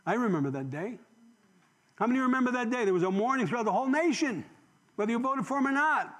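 A man in his sixties preaching a sermon, firing rhetorical questions and swinging from loud emphasis to emotional near-whispers. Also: very high voice, expressive, fast, long pauses. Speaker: pastor.

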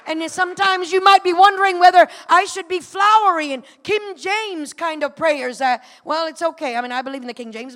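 A woman giving a personal testimony to a church congregation, moving from a quiet retelling to fervent calls. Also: very high-pitched, brisk, few pauses, a faint crowd. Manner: builds from quiet storytelling to fervent shouting. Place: church sanctuary. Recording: long church hall reverb.

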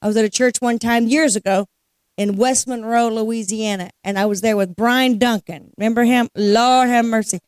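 Lively woman leading a church service. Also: a little high, normal speed, smooth, no echo, studio quality. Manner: lively storyteller with a preacher's cadence, laughs as she talks. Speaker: guest worship leader. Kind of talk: testimony and worship leading. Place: church sanctuary.

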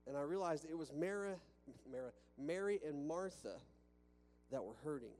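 Speaking at a normal pace, a pastor with a higher, slightly mellow voice sounds animated while preaching to a congregation. He keeps it conversational, restarting lines and asking rhetorical questions. The sound reflects a church sanctuary with a balcony: long reverb and a faint hum.

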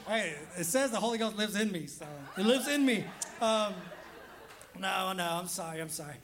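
A man's voice: sits high, huge pitch swings, takes it slowly, long pauses, background noise. A man preaching a casual, humorous sermon as pastor, laughing often and acting out quoted voices.

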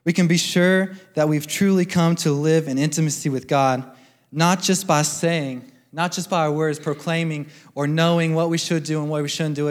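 A man with a fairly high voice speaks earnestly to a church, urging action and reading verses aloud in a steady, preaching tone. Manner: earnest, exhorting, quotes scripture. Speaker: mission team speaker. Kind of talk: sermon testimony. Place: church sanctuary.

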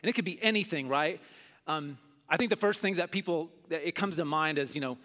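Animated high-voiced male preacher in a hall. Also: a little fast. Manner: animated, acts out scenes with big pitch jumps. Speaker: pastor. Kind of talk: sermon with personal stories. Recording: long hall reverb.

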